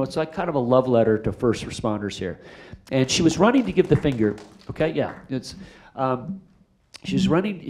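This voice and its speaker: A middle-aged male director takes questions in a theater after a screening. His voice sits at an ordinary middle pitch. He tells his stories with a rambling, animated energy, full of restarts and fillers. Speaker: film director answering audience questions. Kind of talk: casual storytelling Q&A.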